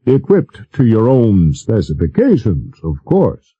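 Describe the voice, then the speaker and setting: A man voicing a middle-aged president who speaks in a slow, indulgent, gracious way. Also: on the low side, wildly swooping pitch, breathy edge, lo-fi sound, exaggerated voice.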